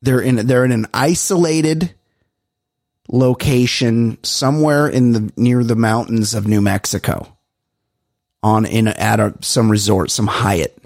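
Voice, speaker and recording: A man co-hosting a podcast, telling stories in animated, profane casual chat. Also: mid-range voice, measured pace, vocal fry, dry recording, studio quality. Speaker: podcast co-host.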